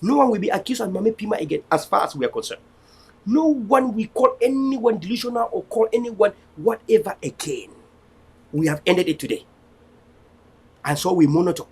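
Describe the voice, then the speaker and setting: High gravelly man preaching defiance. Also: expressive, moderate pace, darkish tone. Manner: defiant, preaching, repetitive rallying. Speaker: online TV host. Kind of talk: impassioned political address.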